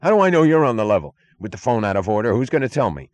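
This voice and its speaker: A man voicing a blustering male prison chief who yells in frantic panic in an audiobook. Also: very animated, very fast, no echo, lightly acted. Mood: agitated. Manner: shrill, yelling, frantic. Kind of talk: audiobook character voice.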